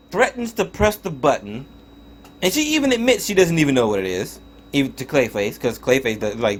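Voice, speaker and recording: A young man reviews a show in a loose, exasperated rant, full of swearing and stumbling restarts. His voice sits somewhat high for a man and swings widely up and down as he talks. He sounds fed up. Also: wildly swooping pitch, a little fast. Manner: profane, exasperated ranting with frequent restarts. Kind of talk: casual spoken review.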